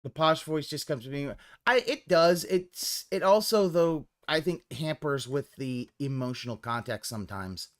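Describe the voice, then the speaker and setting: A man's voice: fairly high pitch, moderate pace, few pauses. A man streaming live and commenting casually, rambling and swearing as he reacts to a clip. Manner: rambling, profane, animated.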